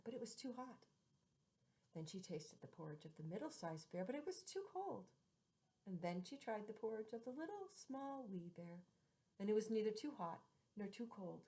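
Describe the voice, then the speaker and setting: A female storyteller with a medium-pitched voice reads a fairy tale aloud on a low-quality recording. She stretches out the repeated phrases and lets certain words fall to a whisper.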